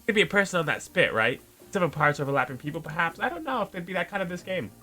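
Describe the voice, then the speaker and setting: A man's voice: high-pitched, animated, racing, bright, forceful tone, faint music behind. A man playing a dating sim, reading its text aloud and reacting with playful jokes. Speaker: let's play gamer.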